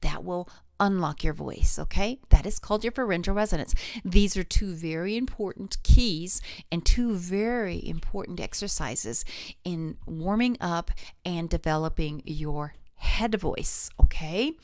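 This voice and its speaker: A woman's voice: on the low side, measured pace, a little mellow, no room sound, studio quality. A middle-aged woman teaching a live online singing lesson, encouraging her viewers and demonstrating vocal exercises. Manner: demonstrates vocal exercises, sings and slides between notes; encouraging, addresses viewers directly.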